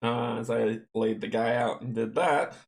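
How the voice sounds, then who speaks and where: A man's voice: medium pitch, measured pace, gravelly. Guy chatting thru a solo board game, reads card text, chuckles, roomy echo. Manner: chatty, chuckling, talks to himself. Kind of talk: playthrough narration, reading game text aloud.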